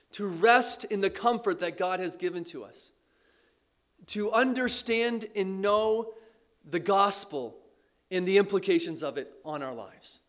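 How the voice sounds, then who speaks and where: A man preaching a sermon with earnest emphasis, repeating key phrases and letting his voice drop low at the ends of lines, with the odd light laugh. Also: a bit bright. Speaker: pastor.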